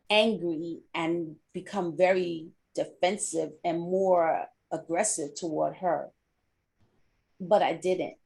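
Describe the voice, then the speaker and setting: A middle-aged woman hosting a podcast who tells a personal story candidly, often repeating phrases for emphasis. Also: fairly low pitch. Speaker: podcast host.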